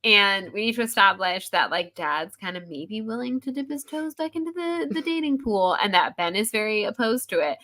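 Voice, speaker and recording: A woman's voice: mid-range voice, animated, normal speed, hardly any pauses, sharp tone. A woman co-hosting a podcast, reviewing a movie in casual chat, sarcastic and acting out characters' lines. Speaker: podcast co-host.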